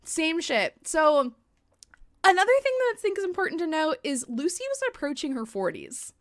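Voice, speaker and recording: A young adult woman podcast host speaks in a high-pitched, very animated, brisk voice during a loose chat. She swears freely and uses "like" constantly on her podcast mic, and the recording is clean studio sound with no room noise.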